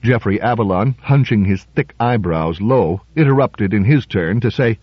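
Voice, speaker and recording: A man narrating a story in a measured storytelling voice. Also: fairly low pitch, animated, husky, dry recording. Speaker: audiobook narrator. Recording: dull lo-fi recording.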